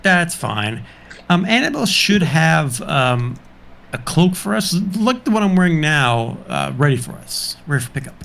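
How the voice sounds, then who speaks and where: A man's voice: fairly high pitch, sing-song, moderate pace, vocal fry, fairly bright tone. A man playing a tabletop game, partly in character, talking in an easygoing, stammering way. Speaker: player.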